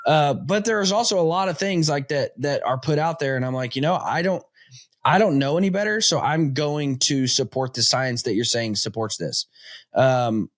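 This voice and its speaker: A man, hosting a casual interview chat and telling rambling stories full of fillers. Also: medium pitch. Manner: rambling storyteller, chatty with fillers. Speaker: podcast host.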